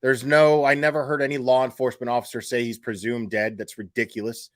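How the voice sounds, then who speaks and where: A man's voice: medium pitch, flat delivery, fast talker. A man hosting a casual commentary stream, talking bluntly with lots of fillers, restarts and swearing, sounding exasperated. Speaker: YouTube commentary host.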